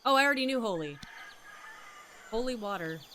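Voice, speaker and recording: A woman streamer playing a game, chatty and excited, swearing casually as she comments. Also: fairly high pitch, brisk, a little hiss or hum. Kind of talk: game let's play commentary.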